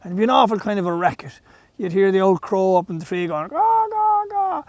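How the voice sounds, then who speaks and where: An Irish man telling a folk tale with lilting, animated delivery and hushed asides. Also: high-pitched, fast, no echo. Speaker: storyteller. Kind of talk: folk storytelling.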